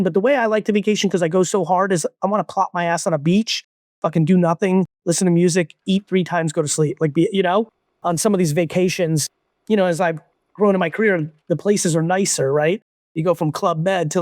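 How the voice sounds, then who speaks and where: A man in his forties, born in Russia, talking as a guest entrepreneur in a blunt, profane, animated way. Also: high voice, no room sound, studio quality. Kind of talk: casual interview talk.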